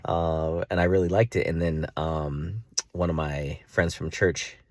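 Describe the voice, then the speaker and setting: A man telling a long personal story in a casual vlog, rambling with many fillers and jumping into a high, excited voice when he acts out his own reactions. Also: measured pace, no echo. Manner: jumps to a high excited pitch when reenacting himself. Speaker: vlogger.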